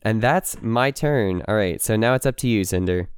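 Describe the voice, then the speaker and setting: Man, game master, playful narration, smooth voice, dry sound. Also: lowish voice, normal speed, no echo. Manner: playful, laughing asides.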